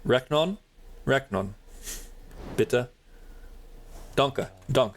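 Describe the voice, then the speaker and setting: A man's voice: mid-range voice, expressive, extremely slow. A man streaming a game, chatting casually and answering his chat, rambling with lots of "like" and frequent laughs. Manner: rambling, heavy on "like", laughs often.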